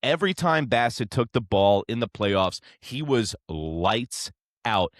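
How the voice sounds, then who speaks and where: A man hosting a sports show, ranting in a brash, profane, excitable way. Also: mid-range voice, slow, dry recording, studio quality. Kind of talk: fired-up sports reaction rant.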